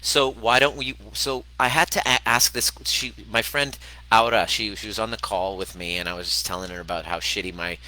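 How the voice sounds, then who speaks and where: A man with a fairly low voice talks on a casual livestream. His tone is sharp and forceful, and he speaks candidly, swears freely and repeats himself for emphasis. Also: fairly even intonation, brisk, poor audio. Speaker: host of a livestream on self-love and healing.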